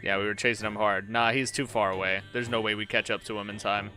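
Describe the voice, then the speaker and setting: A young man giving live gameplay commentary as a streamer, excitable and swearing when frustrated. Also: fairly low pitch, quick pace. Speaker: game streamer.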